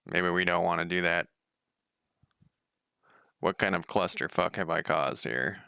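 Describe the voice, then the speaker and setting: A man's voice: deep voice, unhurried, vocal fry, sharp tone, clear, resonant tone, no room sound, clean studio sound. A man coding a game on a casual livestream, thinking aloud, rambling, swearing casually and chatting with viewers.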